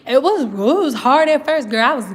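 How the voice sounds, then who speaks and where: A woman's voice: high-pitched, expressive, normal speed. A woman, chatting casually on a livestream and often saying "girl" and "y'all". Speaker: livestream host.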